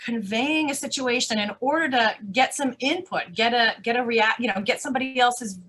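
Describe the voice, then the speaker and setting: Woman speaker in live Q&A; fairly high voice, emphatic, rhetorical, self-correcting. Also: moderate pace, slight background noise. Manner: animated, emphatic, rhetorical questions, many restarts. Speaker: conference speaker. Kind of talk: live Q&A answers.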